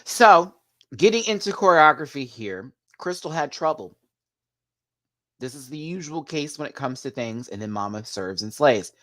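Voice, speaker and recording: Sassy, animated male video reviewer. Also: a little high, moderate pace, no room sound, clean studio sound. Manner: sassy, animated, laughs often. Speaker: drag show reviewer. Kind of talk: live video review chat.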